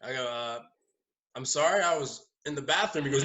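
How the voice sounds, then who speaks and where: A man chatting casually at a round table, telling lively stories and laughing often as he goes. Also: mid-range voice, moderate pace, rough recording. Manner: animated storyteller, laughs often. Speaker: haunt owner, podcast regular. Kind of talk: casual storytelling chat.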